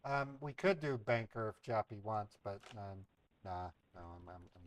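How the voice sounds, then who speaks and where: A man's voice: lowish voice, moderate pace, no room sound, poor audio. Chatty man hosting a scambait stream. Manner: playful, chatty, feigns eager excitement to the scammer. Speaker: scambaiting livestream host. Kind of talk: casual livestream chat.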